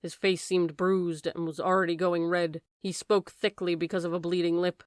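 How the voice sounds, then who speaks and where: Low-voiced woman reading a classic novel. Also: flat delivery, normal speed, no room sound, clean studio sound. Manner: raises voice sharply for shouted lines. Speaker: audiobook narrator. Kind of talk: dramatic audiobook reading.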